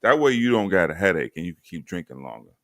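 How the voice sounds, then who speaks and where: A man with a very deep, low voice hosting a casual stream chat. He talks in a laid-back, slangy, joking way. The sound is close and dry, with no room echo. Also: big pitch swings, quick pace, fairly bright tone. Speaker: podcast host. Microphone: remote stream mic.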